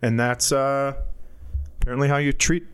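A man's voice: mid-range voice, steady tone, moderate pace, clear, resonant tone. Guy comic spinning a long story on a podcast, medium voice, jumps way up for quotes. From United States. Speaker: podcast co-host, comedian. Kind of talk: casual storytelling chat.

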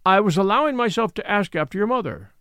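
A man's voice: high voice, lively intonation, quick pace, pushed and bright, clean tone, dry recording, clean studio sound, pitched above the performer's own voice. Brief: man doing a polite young Englishman, earnest and slightly tongue-tied, storybook reading. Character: young Englishman on holiday, eager, shy.

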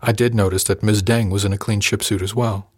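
A man with a low voice narrates a first-person tale in an even, wry storytelling manner. The recording is dry and close, with no room around him. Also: a little fast, breathy edge, dry recording. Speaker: audiobook narrator.

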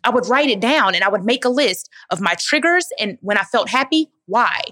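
A woman gives emphatic, motivational answers at a live Q&A, calling her listeners "baby". Her voice sits fairly high and sounds dry and close. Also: lively intonation, fairly quick, pushed and bright, dry recording. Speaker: guest speaker answering audience questions. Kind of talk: live Q&A talk.

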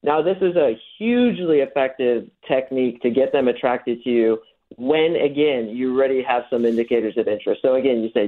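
A man's voice: mid-range voice, fast talker. Man on a tinny phone line. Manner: explains techniques, acts out quoted lines. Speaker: dating coach guest. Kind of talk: radio interview. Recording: thin phone-line sound.

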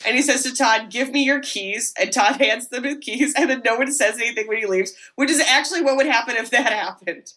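Bright woman recapping a film. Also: a little high, a little fast, few pauses. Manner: animated storytelling with swearing and asides. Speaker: podcast host.

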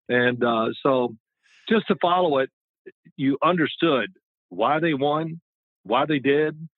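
Slow and mid-range, with long pauses, the voice belongs to a man in his sixties, a former quarterback guesting on a casual interview. He rambles chattily through stories and often restarts, all over a dry, tinny, phone-like line.

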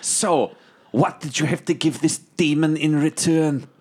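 A man playing a grim, nihilistic warrior who threatens in a deadpan way. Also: fairly high pitch, unhurried, voice pushed up, natural voice. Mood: menacing. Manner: deadpan, menacing.

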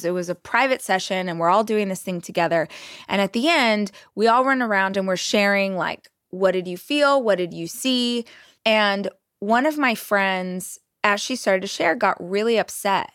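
A woman's voice: medium pitch, no room sound, studio quality. A woman hosting a motivational podcast, speaking earnestly and directly to her listeners. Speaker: podcast host.

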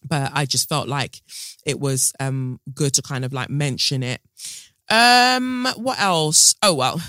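A woman's voice: low-pitched, sharp tone, no echo, clean studio sound. A woman podcast host chatting casually and reading a news story aloud, with many fillers and stumbles over names.

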